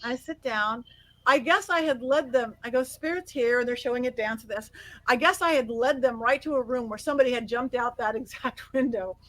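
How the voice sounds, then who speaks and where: Animated middle-aged woman telling a story. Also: fairly high pitch, fairly quick, rough recording. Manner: animated, acts out quotes, laughs often. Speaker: guest psychic medium. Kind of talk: casual interview storytelling.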